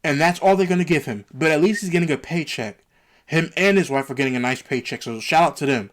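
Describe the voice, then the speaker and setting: A man's voice: on the high side, fast talker. A man ranting through a wrestling show review, heated and emphatic, repeating his points to the viewers.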